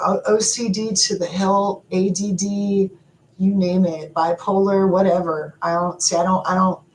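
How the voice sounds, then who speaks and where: A middle-aged woman hosting a live stream, talking to viewers in an animated, emotional and rambling way, often laughing. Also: medium pitch. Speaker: livestream host. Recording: echoey room with faint background noise.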